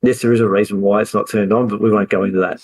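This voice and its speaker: Measured man explaining. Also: fairly low pitch, steady tone, darkish tone, low-quality recording. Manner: measured, explanatory, with hesitant fillers. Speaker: co-host. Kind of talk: live-stream explainer.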